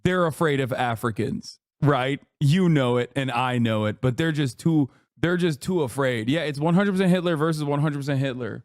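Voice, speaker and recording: A man's voice: medium pitch, moderate pace, hardly any pauses, no echo, clean studio sound. A man streamer giving profane, sarcastic commentary on a video. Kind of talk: casual live-stream commentary.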